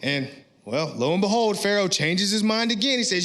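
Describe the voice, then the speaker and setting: High-pitched guy preaching a sermon at church, gets amped and shouty, keeps asking "all right?". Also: moderate pace. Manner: animated, rising to shouts at peaks, checking in with "all right?". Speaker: pastor. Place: church sanctuary.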